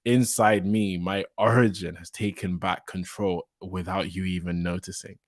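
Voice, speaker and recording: A coldly defiant young male villain, as a man puts him on, speaks in a low, slow, drawn-out voice. The reading is measured and heavy. The sound is dry and close. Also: fairly even intonation, no echo. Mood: cold defiance. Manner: reads slowly in a low drawn-out voice. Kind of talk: reading manga dialogue aloud.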